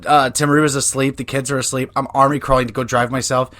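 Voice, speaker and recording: A man's voice: mid-range voice, level tone, fast talker, fairly bright tone. A man in his twenties hosting a podcast, telling crude, joking stories in casual chat. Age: 20s. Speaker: podcast host.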